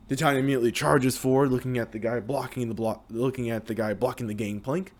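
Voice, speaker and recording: A young man casually narrating the story of a video game, with restarts and a lively manner. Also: mid-range voice, quick pace, hardly any pauses. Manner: lively, hesitant retelling with restarts.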